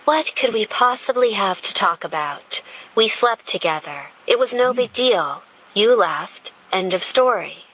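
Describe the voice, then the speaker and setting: A woman's voice: mid-range voice, expressive, measured pace, fairly bright tone, dull audio, voice pushed up. A woman narrator voicing a young heroine who answers in a snappish, incredulous way. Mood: irritated. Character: Audrey, prickly defensive young woman.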